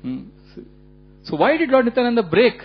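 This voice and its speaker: Man telling a lively sermon. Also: fairly high pitch, fairly quick. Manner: animated storytelling with frequent laughs and fillers. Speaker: speaker giving a temple lecture. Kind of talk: storytelling religious lecture. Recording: dull lo-fi recording with faint hum.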